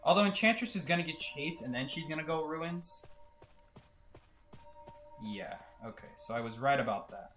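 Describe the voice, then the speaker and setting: A man's voice: fairly high pitch, expressive, normal speed, long pauses, fairly bright tone, faint music behind. A man streaming a video game, chatting casually and joking as he plays, laughing often. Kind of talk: casual live-stream gameplay commentary.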